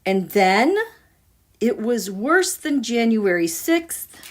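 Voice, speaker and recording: Slow-talking lady doing a tarot reading for her viewers, kinda dramatic. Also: a little high, very animated, slight background noise. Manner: musing, dramatic, talks to viewers. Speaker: tarot reader. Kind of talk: casual tarot reading livestream.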